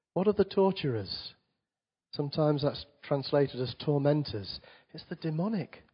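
Male pastor, mid-pitched husky voice, sermon with quiet earnest asides, dull recording. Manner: reads scripture aloud, then drops to quiet, earnest asides.

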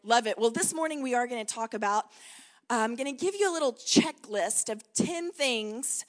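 A woman's voice: fairly high pitch, lively intonation, moderate pace. A woman in her forties with a Texan accent, preaching as a guest pastor in an encouraging manner and leading the congregation in call-and-response. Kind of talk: sermon.

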